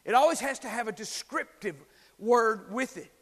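A man preaching a sermon in a church with a long, echoing reverb. His voice sits high, and he moves from soft whispers to big, climbing shouts, pausing to have the congregation say the words back to him. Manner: dynamic preaching, drops to whispers and builds to shouts; asks the congregation to repeat after him. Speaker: pastor. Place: church sanctuary.

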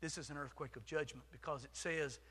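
High bright-voiced man preaching in a hall. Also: steady tone, fairly quick, breathy edge. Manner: swings from shouting to hushed whispers. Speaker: pastor. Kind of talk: sermon. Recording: long hall reverb.

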